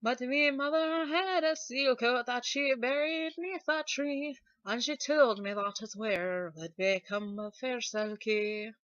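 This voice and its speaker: Woman doing a creaky old Scottish granny. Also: on the high side, slow pace, hardly any pauses, fairly bright tone, no echo, pitched above the performer's own voice. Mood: solemn. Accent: put-on Scottish. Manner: sung folk lines. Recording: dull lo-fi dry recording.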